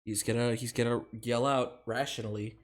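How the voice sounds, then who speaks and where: A man co-hosting a podcast, chatting casually in a halting, rambling way with frequent giggles. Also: mid-range voice, steady tone, crowd noise. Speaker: podcast co-host. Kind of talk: casual chat.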